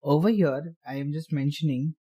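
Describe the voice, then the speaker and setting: Man with a dark, mellow voice teaching code. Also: a little high, husky. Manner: talks while typing, halting phrases. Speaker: programming tutor. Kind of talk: screen-recorded coding tutorial.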